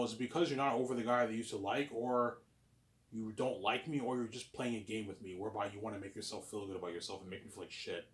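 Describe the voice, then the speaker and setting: A man vlogging in a casual monologue, answering his own questions in a rambling, repetitive way with stammered restarts, jumping between loud bursts and low mutters.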